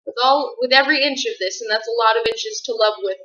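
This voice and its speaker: A woman's voice: a little high, quick pace, few pauses, pushed and bright, lo-fi sound. A young woman vlogging casually, rambling and stumbling over her words with self-mocking jokes. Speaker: video blogger. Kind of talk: casual webcam vlog.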